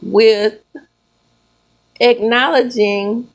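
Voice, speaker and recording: A middle-aged woman with a Southern accent, hosting a sassy, animated commentary show with drawn-out emphasis. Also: a little high. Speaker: host. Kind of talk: casual commentary.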